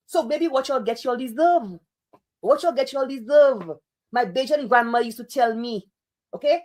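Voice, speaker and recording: A woman's voice: sits high, moderate pace, darkish tone. A Saint Lucian woman giving online political commentary in an exasperated, sarcastic, scolding way.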